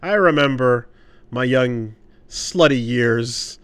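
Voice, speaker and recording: A man putting on a hearty, nostalgic small-town local reminiscing loudly. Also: mid-range voice, takes it slowly, clear, resonant tone, dry recording.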